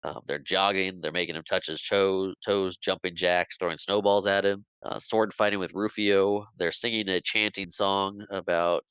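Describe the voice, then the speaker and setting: A man with a lowish, smooth and resonant voice is recapping a film for his podcast. He tells it casually and lively, slipping into the characters' lines and laughing along. The sound is dry and close, with no room around it. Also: normal speed, few pauses, dry recording, rough recording. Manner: animated retelling, acting out characters' lines with laughs. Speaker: podcast host. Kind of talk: casual movie recap chat.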